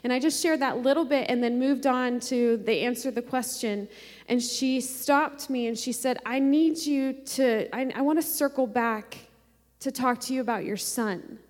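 A high-pitched woman in her thirties preaches from the front of a church, telling a personal story with feeling. Her voice rings out with a long hall reverb behind it. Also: normal speed. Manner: emotional storytelling, quotes others in softer voice. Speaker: pastor. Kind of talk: sermon testimony.

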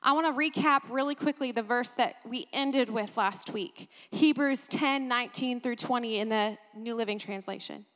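A woman preaching a sermon, animated and emphatic, exclaiming and repeating phrases for emphasis. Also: on the high side, moderate pace, few pauses, long reverb tail. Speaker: pastor.

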